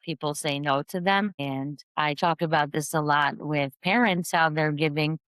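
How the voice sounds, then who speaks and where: A woman with a notably low, smooth voice speaks as a podcast guest, a parent coach who explains her ideas in an earnest, measured manner. The recording is close and dry, with no room sound. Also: a bit bright, no room sound. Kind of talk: podcast interview.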